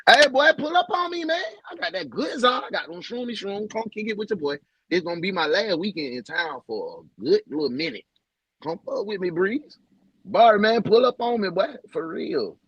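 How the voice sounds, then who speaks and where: A man hosting a casual livestream, heartfelt and repetitive, shouting out viewers by name. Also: sits high, sing-song, moderate pace, breathy edge, no echo, lo-fi sound. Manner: heartfelt, preachy, repeats phrases. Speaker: livestream host.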